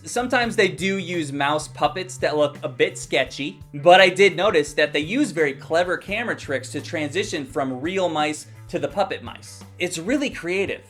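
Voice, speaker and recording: A man's voice: on the high side, lively intonation, normal speed, few pauses, fairly bright tone, soft background music. A young man giving a heated, profane rant as a movie reviewer, sounding exasperated and blunt.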